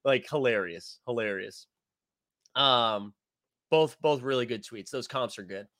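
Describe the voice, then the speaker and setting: A man's voice: mid-range voice, unhurried, fairly bright tone. A man hosting a casual live-stream sports show, rambling and joking as he reads viewer comments aloud. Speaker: sports show host reading live chat.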